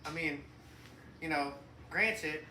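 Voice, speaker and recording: Middle aged dad on a podcast, high sharp voice, cussing and rambling, sounds far off in an echoey room. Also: male voice, takes it slowly, a little hiss or hum. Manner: profane, rambling, bursts into loud mocking rants. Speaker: podcast co-host, father. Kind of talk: casual chat. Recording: echoey room, distant mic.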